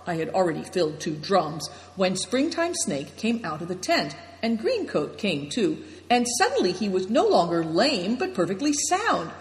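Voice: mid-range voice, wildly swooping pitch, moderate pace, hardly any pauses. A reader voicing a wounded, distraught male soldier who speaks faintly and strains his voice. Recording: roomy echo with long reverb.

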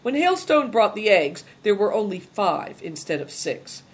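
A narrator reading a story aloud at a steady, even storytelling pace. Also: medium pitch, measured pace, breathy edge. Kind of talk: audiobook narration.

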